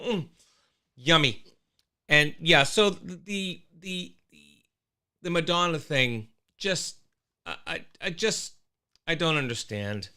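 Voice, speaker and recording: A man's voice: on the high side, takes it slowly, pauses often, clean tone. A man hosting a casual livestream show, talking animatedly and greeting viewers from the chat. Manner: animated, exclaiming, with frequent restarts.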